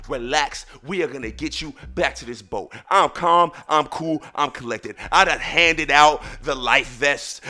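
Animated man telling a story. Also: fairly high pitch. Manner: dramatic, builds to shouting. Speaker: podcast host.

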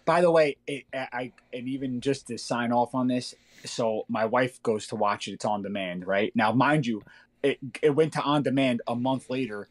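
A man co-hosting a casual podcast, ranting in animated, fast bursts. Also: medium pitch. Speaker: podcast co-host. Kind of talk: casual chat.

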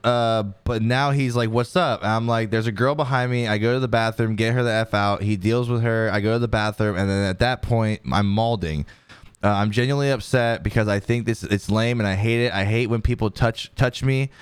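A man's voice: mid-range voice, brisk, clean tone, no room sound. A man hosting a podcast, casually reading news articles aloud with frequent ums and restarts. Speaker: podcast host.

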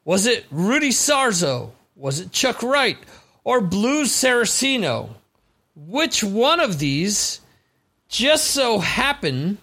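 A man's voice: high-pitched, pushed and bright. A man hosting a live-streamed trivia quiz, reading questions and scores with chatty, rambling asides.

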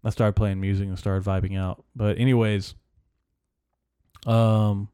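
A man's voice: on the low side, flat delivery, a little slow, warm tone, clear, resonant tone, dry recording, studio quality. Profane rambling young podcast host man. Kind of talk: casual solo podcast rant. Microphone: studio microphone.

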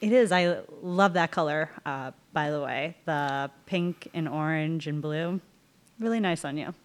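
A woman's voice: low-pitched, measured pace. A woman improvising a scene at a bar, easygoing and playfully teasing. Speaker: improv performer.

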